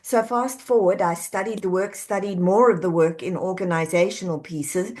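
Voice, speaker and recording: A middle-aged woman, an executive coach and author, talking as a podcast guest, telling animated stories and acting out quoted voices with easy laughter. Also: fairly low pitch, moderate pace. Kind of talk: conversational podcast interview.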